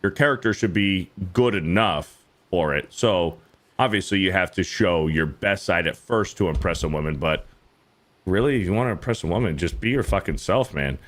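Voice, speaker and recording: A man hosting a casual podcast chat, talking bluntly with lots of swearing and mimicking others in high mocking voices. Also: moderate pace, fairly bright tone. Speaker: podcast host.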